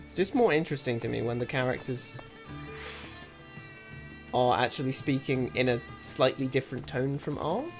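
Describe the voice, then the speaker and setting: A man co-hosting a laid-back video game commentary, wry and critical, often stopping to restart his thoughts. Faint game music plays behind his mid-pitched voice. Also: moderate pace, long pauses. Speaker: co-host.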